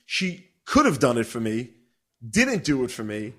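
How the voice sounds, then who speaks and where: A middle-aged man telling a story in a casual, profane and animated way, laughing as he goes. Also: mid-range voice, normal speed. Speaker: podcast co-host.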